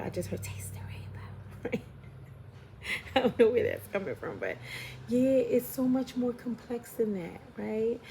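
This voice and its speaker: Giving a relaxed, spiritual tarot reading, a woman talks through her thoughts with many fillers and repeated "right?" checks. Her voice is mid-range and warm, with slight noise in the background. Of Puerto Rican background, she comes from the New York and Philadelphia area and is a Spanish heritage speaker.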